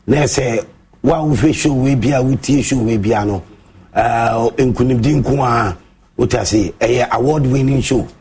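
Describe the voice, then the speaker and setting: A man with a Ghanaian accent hosting a sports monologue show, mixing Twi and English, theatrical, with big swings in pitch. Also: unhurried, darkish tone, husky. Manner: mixes Twi and English, theatrical, shifts pitch a lot, sings bits.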